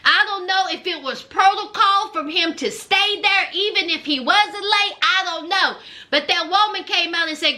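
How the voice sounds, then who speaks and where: A woman's voice: extremely high pitch, moderate pace. A woman recapping a reality TV show in casual, chatty commentary, gushing and acting out what people said. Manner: animated storyteller who acts out quotes; chatty and gushing, with many fillers.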